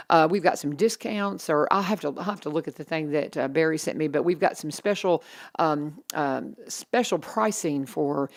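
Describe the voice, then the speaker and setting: A woman, hosting a casual morning radio chat in a chatty, animated way. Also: low voice. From Kentucky Lake region. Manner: chatty and animated, quick asides. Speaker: radio host.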